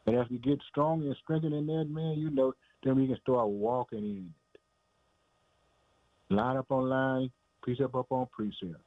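A man's voice: mid-range voice, steady tone, moderate pace, dry recording. A man preaching a sermon in an emphatic, repetitive way, often calling his listeners "man" and "boy.". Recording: dry, phone-like narrow sound.

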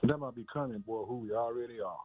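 A man's voice: mid-range voice, rapid-fire. Emphatic preaching man on a phone-like line. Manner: repetitive, emphatic, calls listeners "man" and "boy". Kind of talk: sermon. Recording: dry, phone-like narrow sound.

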